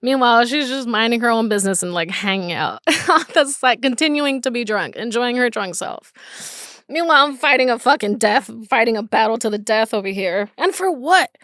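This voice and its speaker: A woman's voice: fairly high pitch, lively intonation, moderate pace, a bit bright, no echo, studio quality. A woman hosting her own podcast, telling a personal story in a candid, casual way, swearing often and restarting her sentences. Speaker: podcast host.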